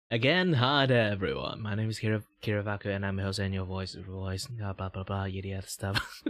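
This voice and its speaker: A man from Malaysia chatting casually as host of his live stream. He laughs often and jumps into sudden high exclamations. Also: fairly bright tone, no echo, studio quality. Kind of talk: casual livestream chat.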